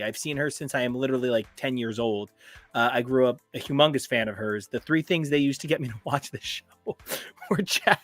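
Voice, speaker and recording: A man co-hosting a podcast in casual chat, animated and gushing, jumping up to high notes when excited. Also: no room sound. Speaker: podcast co-host.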